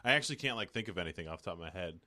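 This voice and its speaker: A young man co-hosting a podcast, chatting casually and a bit haltingly. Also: deep voice, animated, pushed and bright, no room sound. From Massachusetts, USA. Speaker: podcast co-host. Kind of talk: casual chat.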